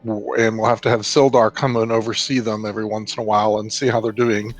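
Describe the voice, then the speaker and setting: A man's voice: lowish voice, level tone, quick pace, over music, rough recording. A man in an online tabletop game, earnestly laying out a plan for the group. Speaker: player. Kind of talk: casual tabletop role-play over voice chat.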